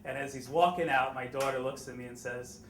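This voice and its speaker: A man's voice: mid-range voice, fairly even intonation, brisk, roomy sound, heavy background noise. A man telling a wry, self-deprecating story on stage at a live story slam into a microphone.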